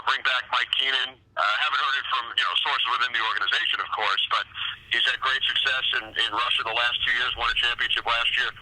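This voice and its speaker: A man's voice: mid-range voice, bright, forceful tone, no room sound. A man, a hockey play-by-play announcer, calling into a radio show by phone, chatty and friendly, short on sleep. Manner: friendly, chatty, with many fillers and restarts. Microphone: telephone line. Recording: phone-line call on radio.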